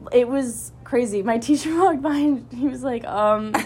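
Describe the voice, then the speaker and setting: A young woman, a college student and student club member, telling a story in a casual podcast chat, animated and full of fillers. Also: sits high, normal speed, breathy edge. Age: young adult.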